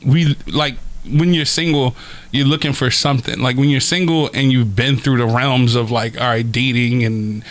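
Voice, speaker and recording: A man's voice: medium pitch, steady tone, moderate pace. A man, a comedian guest on a podcast, telling casual, profane stories and laughing often.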